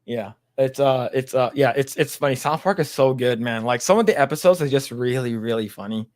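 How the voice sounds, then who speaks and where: A man's voice: medium pitch, fairly quick, no echo. A man co-hosting a casual podcast chat, rambling with many fillers and laughing as he retells jokes. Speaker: podcast co-host.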